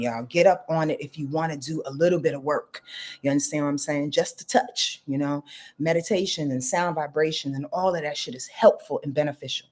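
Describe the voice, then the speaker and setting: A woman's voice: sits low, darkish tone. A middle-aged woman astrologer talking frankly in a casual confessional vlog, rambling and swearing freely.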